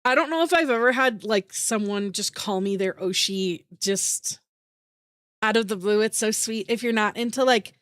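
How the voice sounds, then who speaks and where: A woman's voice: mid-range voice, moderate pace, fairly bright tone, no echo, studio quality. A woman streamer chatting casually with her viewers, bubbly and giggly, full of "like" fillers, with an emotional voice that rises into teary squeals.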